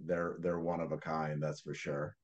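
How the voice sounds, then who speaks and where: A man speaking as a podcast guest, earnest and a bit halting as he chats. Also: extremely low pitch, little pitch movement, lo-fi sound. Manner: earnest, hesitant with repeated starts. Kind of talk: conversational interview.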